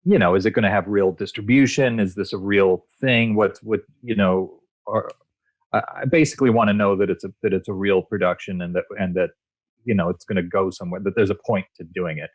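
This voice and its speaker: A man with a low voice tells stories in a relaxed, meandering way, full of "um"s and restarts. His voice sounds dry and close, with no room around it. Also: brisk, no echo, dull audio. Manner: relaxed storyteller, many fillers and restarts. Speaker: guest, voice actor and screenwriter. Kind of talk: casual interview chat.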